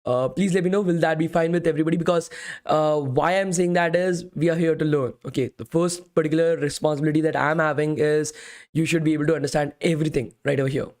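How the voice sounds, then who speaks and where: Quick and fairly even in intonation, this fairly high-pitched, darkish voice belongs to a young man from India with an Indian English accent. He's leading a live coding bootcamp, his voice strained from talking all day, and he chats along, reads chat questions aloud, and keeps saying "okay" and "guys."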